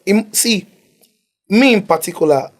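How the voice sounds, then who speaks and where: A man's voice: high voice, expressive, measured pace. A man, talking heartfelt and emotional in a conversational interview. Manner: emotional, heartfelt, close to tears.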